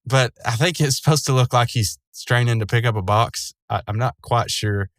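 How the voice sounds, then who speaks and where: A man with a mid-range voice recaps a cartoon episode at a moderate pace, recorded with no room sound. His retelling is loose and rambling, packed with fillers and frequent chuckles.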